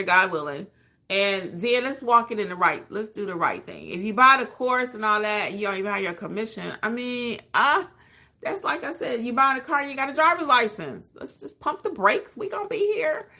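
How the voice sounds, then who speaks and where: A woman hosting a live stream, reading out viewer comments and answering them in a warm, chatty, emotional way with sudden excited jumps in pitch. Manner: calls listeners honey and hon. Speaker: podcast host.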